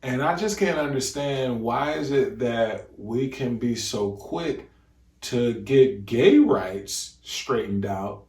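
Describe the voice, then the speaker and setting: A man hosting a podcast in casual, animated commentary, mocking and acting out voices. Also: medium pitch, slow, reverberant. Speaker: podcast host.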